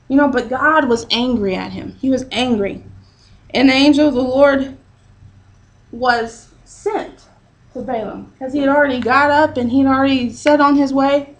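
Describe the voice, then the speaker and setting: A woman's voice: high-pitched, moderate pace, low-quality recording. A woman teaching a Bible story to a group in a chatty, casual way, full of fillers and "he's like".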